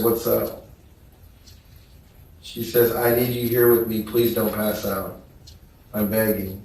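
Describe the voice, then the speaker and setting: A male trial witness reads text messages into the record at a slow, unhurried pace. His voice sits low and barely moves in pitch. The sound is distant and echoey, carried through a large courtroom with a faint hiss behind it. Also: vocal fry. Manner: slow, flat, subdued reading. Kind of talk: reading text messages aloud in testimony.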